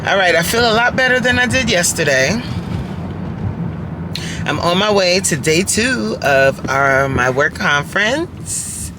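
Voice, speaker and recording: Animated woman vlogging from her car. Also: fairly low pitch, unhurried. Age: 40s. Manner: animated, talks straight to viewers with rhetorical questions. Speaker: vlogger and fitness coach. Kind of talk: casual chatty vlog while driving. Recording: faint car noise in background. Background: faint road and vehicle noise.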